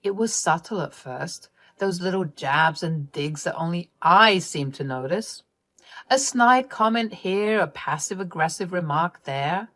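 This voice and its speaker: A woman narrating a personal family drama in an expressive, wry and exasperated way. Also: on the low side.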